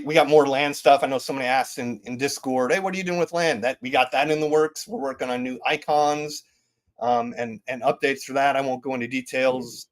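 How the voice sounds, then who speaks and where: Rambling man presenting game updates. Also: medium pitch. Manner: rambling, with many fillers and restarts. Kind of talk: casual community town hall talk.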